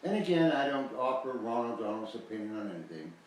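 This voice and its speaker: Quick and sing-song at a medium pitch, an older man from the United States pitches his foreclosure guide in casual promotional talk. His folksy rambling leans heavily on key words. Slight background noise comes through a distant mic, with strong echo filling the room.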